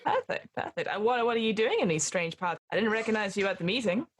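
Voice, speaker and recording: A woman's voice: mid-range voice, expressive, fast talker, a little hiss or hum, lightly acted. A woman voicing a tall, slight young woman in a tabletop horror game, chatty and eager, gushing over a new acquaintance.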